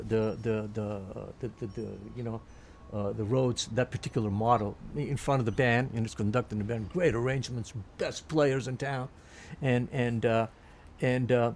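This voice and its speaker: A man's voice: medium pitch, darkish tone. An older man from Turkey, a Turkish native speaker, telling a long rambling anecdote in an interview with many restarts and laughs. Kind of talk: storytelling anecdote.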